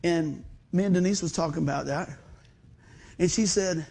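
A man preaching a sermon in a folksy storytelling manner, swinging from loud bursts to quiet asides. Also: a little high, normal speed, vocal fry, slightly rough. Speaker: pastor.

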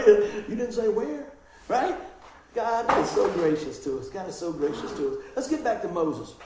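Male pastor, high-pitched and playful; roomy distant church sound. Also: moderate pace. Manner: animated, joking, acts out voices. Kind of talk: lively sermon with humor. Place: church hall. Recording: echoey church room, distant mic.

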